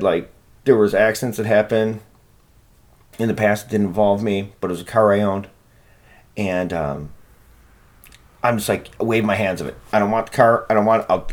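A man's voice: fairly low pitch, a little mellow. A man hosting a solo podcast, rambling and swearing in a self-deprecating, casual way. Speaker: podcast host.

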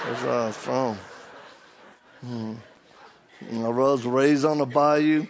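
A middle-aged man from Louisiana with a Cajun accent, preaching in a folksy storytelling way with halting restarts. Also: mid-range voice, fairly even intonation, slight background noise. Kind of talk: sermon with humor.

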